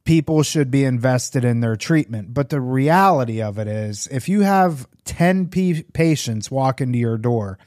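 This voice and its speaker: A man's voice: medium pitch, lively intonation, a little slow, hardly any pauses, a little mellow, no echo. Candid rambling man, dry close sound. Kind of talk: casual conversation.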